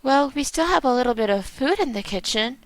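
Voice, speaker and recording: A woman voicing a worried young mother who soothes her sick child in a gentle, tender way while reading game dialogue aloud. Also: sits high, animated, a little fast, pitched above the performer's own voice.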